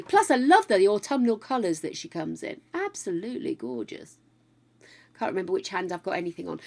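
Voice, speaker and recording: An older woman streaming a game and chatting casually to viewers. She is effusive and excitable, swears freely, and calls people darling. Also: mid-range voice, brisk, vocal fry. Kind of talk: casual live-stream chat.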